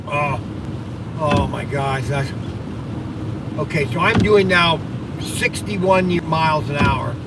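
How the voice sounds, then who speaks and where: A man hosting a live stream from his car, exclaiming and muttering sarcastically to himself as he drives on the highway. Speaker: livestream host. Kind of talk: rambling live-stream chat while driving. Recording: distant mic with loud road and wind noise.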